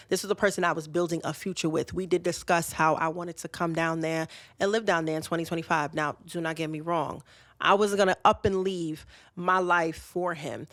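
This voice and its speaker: A woman's voice: lowish voice, fairly bright tone, no echo, clean studio sound. A woman, hosting a podcast and telling a personal story in a candid, conversational way, acting out both sides of past conversations. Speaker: podcast host.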